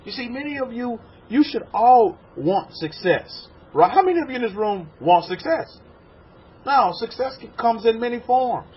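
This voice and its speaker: A rabbi from Texas preaches a sermon to a congregation in a room, repeating words and acting out quotes. His very high voice is animated and slightly rough at normal speed, and the lo-fi recording is dull with faint noise.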